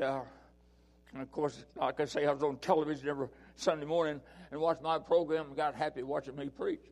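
An older man preaches a sermon in a high voice. He tells a personal story and then reads scripture with fervent, shouted praise. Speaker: pastor.

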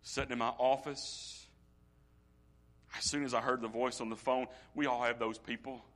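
Impassioned middle-aged preacher, bright-toned. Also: male voice, mid-range voice, little pitch movement. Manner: impassioned preaching that swings from hushed to loud; slow, drawn-out emphasis on key phrases. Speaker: pastor. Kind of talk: sermon.

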